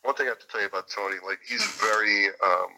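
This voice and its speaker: This man's voice sits on the low side, steady in tone and quick in pace, against a noisy background. Being interviewed casually about his work as a music producer and guitarist, he tells meandering stories, often restarting and using fillers.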